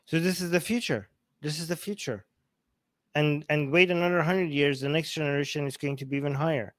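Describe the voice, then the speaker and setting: A man hosting a casual online talk show, his fairly high voice close and dry with no room sound. He teases his co-host, gets excited, and works through numbers aloud with frequent restarts. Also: brisk, no echo. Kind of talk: casual chat.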